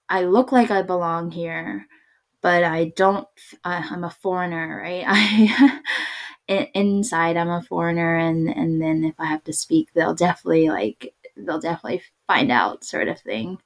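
A woman's voice: lowish voice, normal speed. A woman born in Korea, talking casually and animatedly, laughing often and using many fillers. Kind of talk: casual chat.

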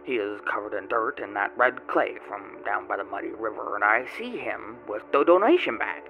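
A man's voice: fairly low pitch, expressive, normal speed, highs cut off. A man playing a boastful, grubby male tomato grower, telling his tale in a rambling folksy way with odd grammar, in a first-person character monologue. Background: music.

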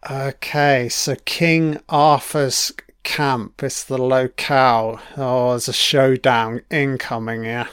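A man's voice: mid-range voice, steady tone, slow, hardly any pauses, fairly bright tone, clean tone, no room sound, clean studio sound. A man giving a casual, profane commentary while watching a TV series, chatty and reacting as he goes. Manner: sweary, chatty, reacting to the screen.

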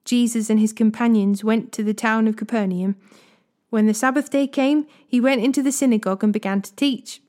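Lady reading bible verses aloud, steady and measured, kinda high voice. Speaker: Bible reader. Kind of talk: scripture reading.

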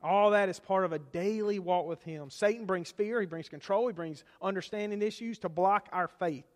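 A man with a high voice preaches a sermon in a church sanctuary. He moves from loud, stressed lines to hushed near-whispers and back. The sound rings with a long hall reverb. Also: moderate pace. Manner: preaching with dramatic swings from loud to hushed, acting out quoted voices. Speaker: pastor.

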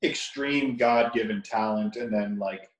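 A man's voice: lowish voice, unhurried. A young man co-hosting a casual podcast, cutting in with teasing jokes. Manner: teasing, jokey interjections. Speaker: podcast co-host. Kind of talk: casual chat. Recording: echoey room, mic at a distance.

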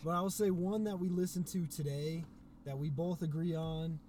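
A man's voice: a little high, fairly even intonation, moderate pace, mellow, slight background noise. A man co-hosting a casual podcast chat, easygoing and slangy. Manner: easygoing, says "bro" and "man". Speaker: podcast co-host, musician. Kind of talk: casual chat among friends.

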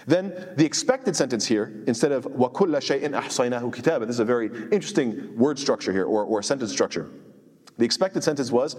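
A man explaining scripture in a lesson, emphatic and quick, often posing rhetorical questions to his listeners. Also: on the high side, darkish tone, long reverb tail. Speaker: Quran teacher.

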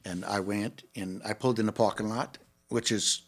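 A man's voice: on the low side, moderate pace. An older man, telling stories as an interview guest and acting out the voices he quotes. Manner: animated, acts out quoted voices. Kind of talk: casual storytelling.

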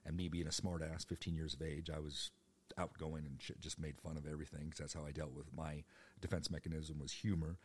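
A man's voice: very deep voice, steady tone, a little fast, a little mellow, slightly rough. A man in his fifties telling stories from his youth in a rambling, joking way, with the odd swear. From United States. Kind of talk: personal storytelling monologue.

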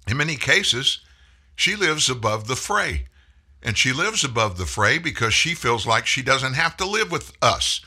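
A man's voice: mid-range voice, pushed and bright, husky. A man hosting a political commentary show, delivering an opinionated monologue with mocking, folksy asides.

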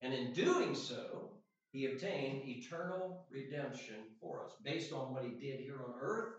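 A man teaching a Sunday school Bible lesson in a conversational way, often checking in with his listeners and slowing down to read scripture aloud. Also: mid-range voice, animated. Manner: reads scripture aloud in slow, deliberate emphasis. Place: church classroom. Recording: echoey room, distant mic, dull sound.

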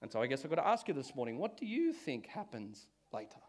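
A pastor preaches a sermon in church, his delivery animated and conversational, full of restarts. He speaks fast in a mid-range voice.

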